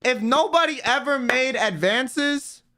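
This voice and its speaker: A man's voice: extremely high pitch, takes it slowly, sharp tone, soft background music. A man streaming live, ranting bluntly and with plenty of profanity while he reads out viewer messages. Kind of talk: casual livestream rant.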